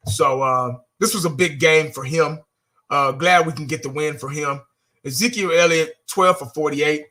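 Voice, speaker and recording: A man's voice: fairly high pitch, normal speed, sharp tone. A man giving a casual, blunt fan rant, exasperated, repeating himself and cursing now and then. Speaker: fan vlogger.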